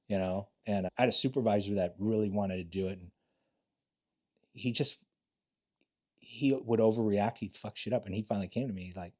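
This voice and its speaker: A middle-aged retired homicide detective, guesting on a podcast, tells stories bluntly and with profanity in a casual interview. He talks fast in a lowish, darkish voice and acts out quotes in other voices.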